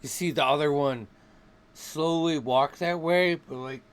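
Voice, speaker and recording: A man running a tabletop game as its game master. He speaks slowly in a somewhat high voice, stumbling and repeating words and often breaking into laughter. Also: clean tone.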